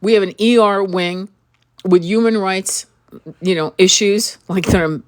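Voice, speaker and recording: A woman's voice: medium pitch, steady tone, measured pace, smooth. A woman host talking straight to the viewer in an impassioned monologue. She is earnest and pleading, repeats and restarts her words, asks direct questions, and breaks off now and then to cough from an irritated throat. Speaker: spiritual reader and channel host.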